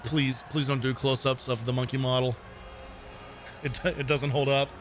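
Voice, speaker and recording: A man's voice: mid-range voice, level tone, normal speed, faint music behind. A man streaming a retro game and rambling through casual commentary, swearing and laughing often.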